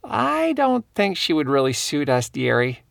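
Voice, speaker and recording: A kindly older lady who speaks gently but firmly, as a man puts her on. Her voice sits noticeably higher than a plain male voice and keeps a gravelly edge. The dry, close sound carries every word of this storybook reading. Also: wildly swooping pitch, measured pace, dry recording, full character voice. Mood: gentle. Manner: gently firm, calls people dearie. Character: kindly older woman shop assistant.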